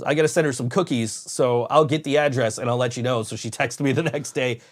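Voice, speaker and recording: A man hosting a casual podcast, spinning loose stories with plenty of swearing. His voice sits at an ordinary middle pitch. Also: fairly even intonation, brisk. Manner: rambling storyteller, frequent swearing and laughs. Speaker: podcast host. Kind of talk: casual chat.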